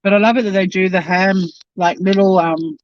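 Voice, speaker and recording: A man's voice: high voice, fairly even intonation, moderate pace, a little hiss or hum. A man hosting his own channel, chatting casually on a live-stream while eating, rambling and talking with his mouth full. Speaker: YouTube channel host. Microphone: home live-stream camera mic. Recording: dull, dry lo-fi live-stream audio.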